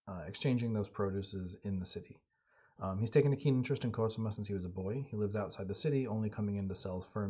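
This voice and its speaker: A man narrating a solo tabletop game on stream in a relaxed, halting storytelling manner. His voice is husky and mellow and sits on the low side. The audio is dull and lo-fi. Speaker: game master and solo player.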